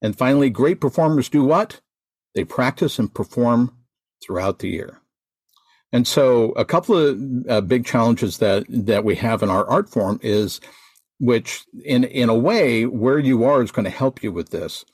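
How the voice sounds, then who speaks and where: A man's voice: medium pitch, animated, unhurried, a little mellow, slightly rough, dry recording. An American man who teaches Santa performers, giving emphatic, teacherly advice on a podcast and repeating his points. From United States. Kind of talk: instructive podcast talk.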